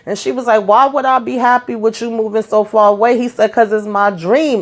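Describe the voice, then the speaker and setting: A woman's voice: a little high, moderate pace. A middle-aged woman casually recapping a TV episode for her viewers, acting out the characters' lines and talking straight to them. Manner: talks straight to viewers, "y'all", "boo", "child". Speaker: TV recap vlogger.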